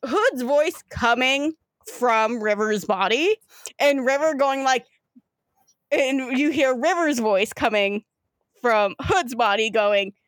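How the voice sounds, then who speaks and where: A woman's voice: a little high, slow, no echo, clean studio sound. A woman narrating as game master in a rambling, casual way.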